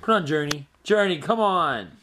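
A woman's voice: deep voice, animated, normal speed, a bit bright, slight background noise. A young woman making a casual family vlog, chatting playfully and talking to her baby and dogs. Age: young adult. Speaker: vlogger.

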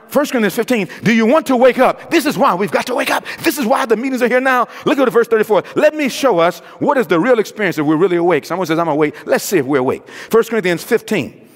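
A man preaching an evangelistic sermon in a church, swinging between loud exclamations and hushed low tones and calling questions out to the congregation. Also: husky. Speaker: pastor. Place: church sanctuary. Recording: long reverb of a church hall.

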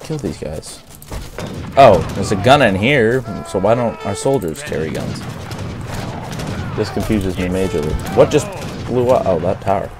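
A man's voice: lowish voice, animated, a little slow, over music. A young man doing casual let's-play commentary, chatty and self-deprecating, laughing often. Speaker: gaming host.

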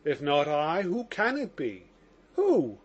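A man's voice: fairly high pitch, wildly swooping pitch, takes it slowly, dull audio, heavily acted. A man voicing an impassioned young man accused of murder, in audiobook narration. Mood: agitated. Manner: impassioned, exclamatory.

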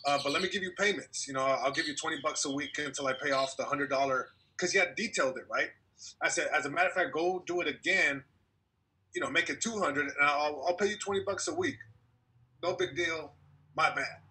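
A young male comedian tells a winding story in relaxed podcast chat, acting out what everyone said. His voice is bright and a little husky. He sounds like he's coming through a video call. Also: on the high side, a little fast. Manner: animated storyteller, acts out quotes, laughs. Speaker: comedian guest.

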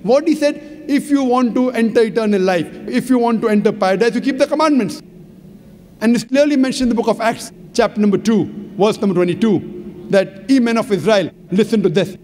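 A man's voice: extremely high pitch, brisk, darkish tone. A man giving a public religious lecture to an audience, speaking emphatically and methodically citing chapter and verse. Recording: long hall reverb, faint background noise.

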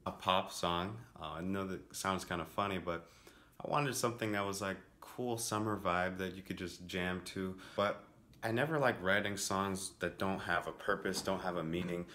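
Low-voiced man walking through his song. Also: moderate pace, reverberant. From family roots in Jamaica and Brazil. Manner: relaxed, rambling with many fillers. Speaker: musician explaining his song production. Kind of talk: casual walkthrough.

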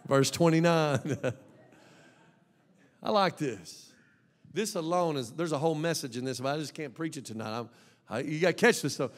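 A man preaching an emphatic, animated sermon as a pastor, with bursts of shouting. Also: a little high, unhurried, long pauses. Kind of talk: lively sermon. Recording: long reverb of a large hall.

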